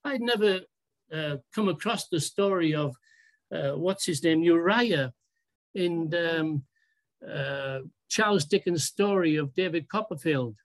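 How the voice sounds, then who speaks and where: Drawing out key words and posing rhetorical questions, a preacher gives a deliberate, emphatic sermon in a medium pitch.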